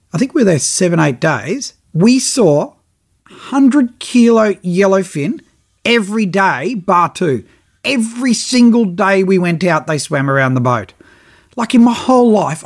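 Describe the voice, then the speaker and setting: A middle-aged man tells a story on his podcast in a loose, chatty way. His voice sits a touch high for a man, and he brings the other people in his tale to life with quick bits of dialogue. It all feels easy and conversational. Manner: animated, acts out others' lines in his own voice. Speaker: podcast host telling a travel story. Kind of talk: casual storytelling.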